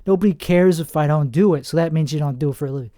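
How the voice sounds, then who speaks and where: A man in his forties from New Jersey, hosting a rambling comedic monologue with deadpan, self-mocking asides. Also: fairly high pitch, very fast, dry recording, studio quality. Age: 40s. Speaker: comedian host.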